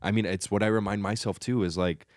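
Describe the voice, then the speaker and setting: A man's voice: lowish voice, fairly even intonation, quick pace, no room sound, clean studio sound. A man talking as a podcast guest, earnest and encouraging, swearing casually. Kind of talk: casual chat.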